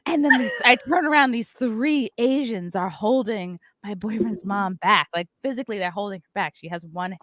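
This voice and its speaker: A woman, hosting a podcast and telling a story in a lively chat, acting out the voices of the people in it. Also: medium pitch, moderate pace, few pauses, a little hiss or hum. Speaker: podcast host.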